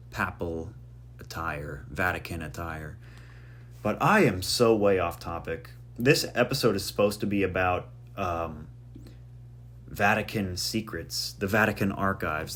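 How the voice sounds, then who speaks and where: A man's voice: low-pitched, a bit bright, slight background noise. A man hosting a podcast in a casual monologue, rambling through jokey tangents and poking fun at himself. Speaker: podcast host.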